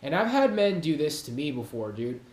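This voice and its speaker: A man's voice: on the high side, big pitch swings, normal speed, darkish tone. Profane rambling man in an echoey room. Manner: rambling, profane, slangy, laughs at own jokes. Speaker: YouTube channel host. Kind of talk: casual monologue to camera. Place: home room with cats.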